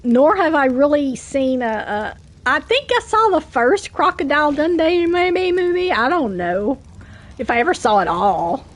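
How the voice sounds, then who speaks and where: A woman with a Southern US accent, chatting casually while streaming a game, getting over a cough, self-deprecating and quick to laugh. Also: sits high, animated. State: coughing from a cold.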